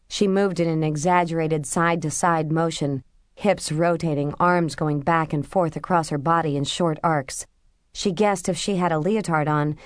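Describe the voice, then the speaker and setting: A woman narrating a novel as an audiobook, in steady, measured storytelling. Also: fairly low pitch, dry recording, studio quality. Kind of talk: scripted narration.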